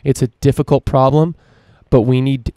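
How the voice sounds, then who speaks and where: A man's voice: mid-range voice, flat delivery, normal speed, mellow, no echo. A man hosting a solo opinion podcast, ranting emphatically and swearing freely. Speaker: podcast host.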